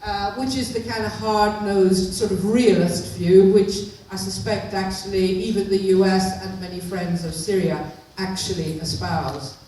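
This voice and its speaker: A woman's voice: medium pitch, fairly even intonation, a little slow, warm tone, far from the mic, slight background noise. Earnest woman speaking in an echoey hall. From Northern Ireland. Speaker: activist speaker. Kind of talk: public speech.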